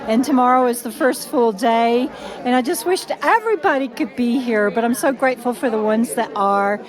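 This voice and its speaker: A woman vlogging at an outdoor campground event, chatting with friends in an upbeat, teasing way as she films on a handheld camera. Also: on the high side. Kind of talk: casual vlog narration. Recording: chatter of a crowd behind.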